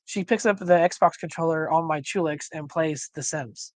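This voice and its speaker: A man's voice: a little high, normal speed, no room sound. Man losing his voice, casual rambling streamer co-host, dry close mic. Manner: rambling, many fillers and restarts. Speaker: livestream co-host. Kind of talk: casual chat.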